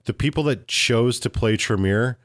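Guy on a podcast, excited storytelling, swears a lot, dry close sound. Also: mid-range voice, moderate pace, no echo. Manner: animated storytelling, swears casually. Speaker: podcast co-host. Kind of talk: casual chat.

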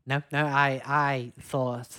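A man's voice: mid-range voice, flat delivery, takes it slowly, pushed and bright, clean tone. Chatty Northern English man, rambling. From Wigan, England. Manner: chatty, rambling, hesitant with fillers. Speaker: podcast co-host. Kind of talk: casual chat.

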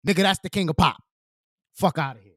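A man hosting a casual livestream, talking in animated slang while eating. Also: sits high, fast, no echo, clean studio sound. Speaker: livestream host.

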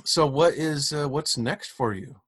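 A man's voice: fairly high pitch, unhurried, a bit bright, a little hiss or hum. A man hosting a podcast interview, upbeat and casual, with frequent fillers and laughter. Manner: upbeat, hesitant with many fillers, laughs often. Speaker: podcast host.

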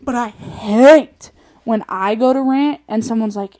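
Young female solo host, casual chatty storyteller, quick laughs, animated rants. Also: fairly high pitch. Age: young adult. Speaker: podcast host.

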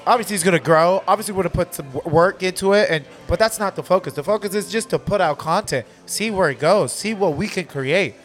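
A man in his thirties hosting a casual podcast chat at a bar, animated and motivational, leaning on the word literally. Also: sits high, fast, few pauses, soft background music. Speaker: podcast host.

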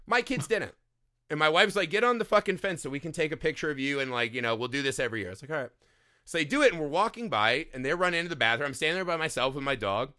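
Bright, animated man telling stories. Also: a little high, fast talker. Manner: animated storyteller, swears freely, laughs often. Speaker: podcast co-host. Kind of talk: casual podcast chat.

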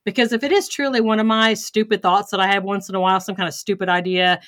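Bright-voiced woman host telling a candid story. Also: medium pitch, steady tone, fast talker. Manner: candid, self-deprecating, acts out her own thoughts. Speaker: podcast host. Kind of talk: personal story in a podcast interview.

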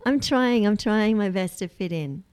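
A woman's voice: mid-range voice, expressive, measured pace, a little mellow, clean tone. A woman co-hosting a morning radio show, giggly and self-deprecating in studio banter. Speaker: radio co-host.

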